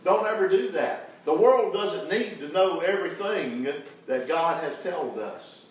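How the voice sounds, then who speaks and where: Fervent preacher in an echoey church. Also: male voice, sits high, expressive, unhurried, a little hiss or hum. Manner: fervent, calls for congregation responses. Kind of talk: sermon. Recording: echoey church hall, distant mic. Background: congregation answering amen.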